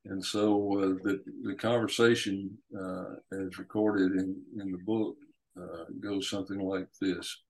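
A man, an author guest, explaining his book hesitantly with many pauses and fillers. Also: low voice, level tone, low-quality recording.

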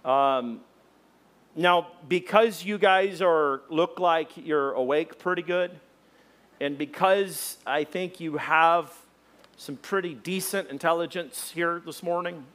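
A middle-aged pastor preaches in a church, his slightly raised voice folksy and conversational. He drops into loud, acted-out quotes whenever he tells a story. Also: fairly high pitch, slow. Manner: animated storyteller, acts out loud shouted quotes; folksy, conversational, many fillers. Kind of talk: sermon with personal stories. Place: church sanctuary before a congregation.

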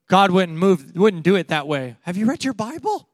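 A man preaching a sermon, animated and laughing often, acting out quotes from the story as he goes. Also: high voice, moderate pace, no room sound. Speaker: pastor.

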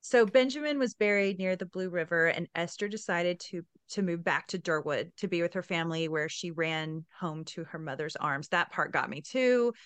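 A woman interviewing an author, excitedly recapping the story and sharing her reactions. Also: lowish voice, moderate pace, hardly any pauses, clear, resonant tone, no echo. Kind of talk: casual book-discussion interview.

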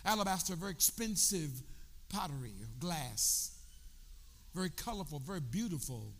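A bishop preaching a sermon, drawing call-and-response from his congregation and building from quiet explanation up to shouts. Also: a little high, sing-song, moderate pace, vocal fry. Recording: long reverb of a large hall.

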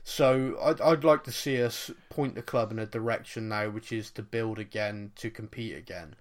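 A man's voice: on the low side, normal speed. A man hosting a casual football podcast, chatty and jokey, now and then slipping into mock voices. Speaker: podcast host.

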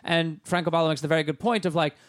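Male podcast co-host, slightly high voice, playful, dry close sound. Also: fairly even intonation, very fast, no room sound. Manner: playful, leads segments. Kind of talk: casual chat.

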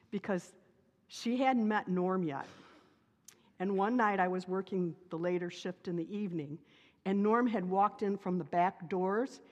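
A middle-aged woman pastor preaches in a long-reverb church sanctuary, her voice sitting at a middle pitch. She tells personal stories with lively, animated humor. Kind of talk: sermon with personal storytelling.

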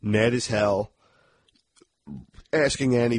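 A man co-hosting a movie review podcast, talking casually and animatedly, swearing and acting out lines in loud put-on voices. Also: fairly low pitch, brisk, dry recording. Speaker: podcast co-host.

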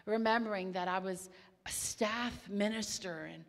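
A woman's voice: medium pitch, unhurried, in a large hall. A woman preaching a sermon, telling stories with emphasis and dropping to whispers at times. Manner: swings from hushed whispers to loud exclamations; storytelling, animated and emphatic.

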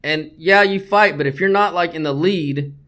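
A man's voice: fairly high pitch, normal speed, sharp tone. A man hosting a sports betting podcast, talking bluntly and swearing a lot as he gets worked up. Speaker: podcast host.

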